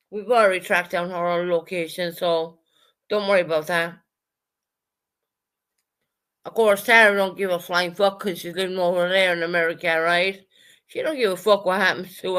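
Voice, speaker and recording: A woman's voice: fairly low pitch, a bit bright. A woman ranting on a livestream, swearing heavily, repeating herself, and calling out chat viewers by name. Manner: profane, heated and repetitive. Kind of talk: angry livestream rant.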